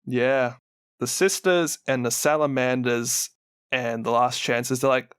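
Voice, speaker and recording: A man's voice: medium pitch, fairly even intonation, slow, a bit bright, clean tone, no echo, clean studio sound. A man with a New Zealand accent, co-hosting a podcast and animatedly retelling lore, laughing often and acting out what characters say. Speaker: podcast co-host.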